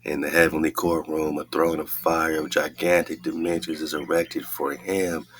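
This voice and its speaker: A man's voice: rumbling low, flat delivery, normal speed, a bit bright. A man hosting a casual podcast, reading scripture aloud and commenting in a laid-back way with frequent laughs. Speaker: podcast host.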